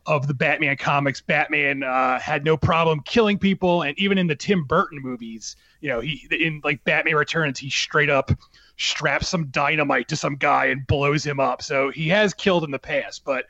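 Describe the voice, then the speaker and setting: A man's voice: a little high, normal speed, bright, forceful tone, no echo, highs cut off. A man talking casually on a podcast as a writer, chatty, with many fillers and laughs.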